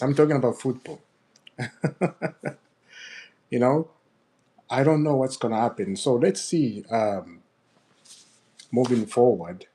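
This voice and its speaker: A man hosting his own football fan channel, ranting in an upset, animated way, laughing and repeating himself. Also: mid-range voice. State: upset, fuming. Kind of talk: ranting video commentary.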